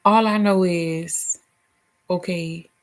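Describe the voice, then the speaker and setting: A vlogger and spiritual healer talks casually and profanely about her spiritual life in a Southern US accent, laughing and now and then doing silly voices. She speaks slowly, her fairly low voice keeping a fairly even intonation.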